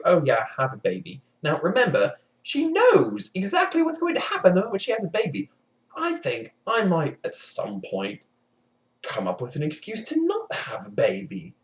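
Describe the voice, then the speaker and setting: A man retelling a fairy tale for laughs, with wry, sarcastic asides. His pitch swings very widely at a middling level, and the recording is dull and lo-fi. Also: distant mic. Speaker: storyteller.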